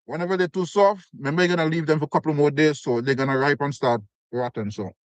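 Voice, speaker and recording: A man's voice: a little high, fast, dry recording. A man from Canada hosting a casual live stream, chatting with viewers, thanking them by name and reading comments aloud as he eats. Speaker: livestream host. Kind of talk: casual live chat while eating.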